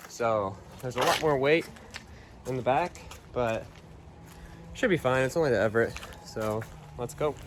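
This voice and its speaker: A man's voice: mid-range voice, fairly bright tone, slight background noise. A young man talking casually through a car build in a workshop, laid-back and chatty with car slang. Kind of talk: casual build vlog narration.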